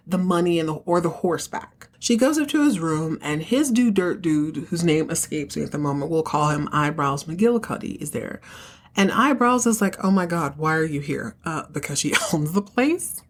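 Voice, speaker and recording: A woman hosting a podcast, casually recapping a TV episode and acting out the characters' lines with slangy, animated asides. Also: on the low side. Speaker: podcast host recapping a TV show. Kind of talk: casual recap with acted-out dialogue.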